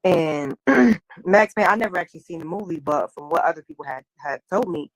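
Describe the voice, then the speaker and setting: A woman's voice: lowish voice, fairly quick, dry recording, poor audio. Woman telling a story in slang, dry. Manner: animated storytelling with slang and quoted dialogue. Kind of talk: casual spiritual chat.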